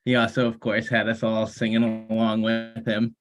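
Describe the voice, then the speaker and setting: A man's voice: fairly low pitch, completely flat delivery, moderate pace. A man telling a personal story over a video call, hesitant and full of fillers. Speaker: workshop participant.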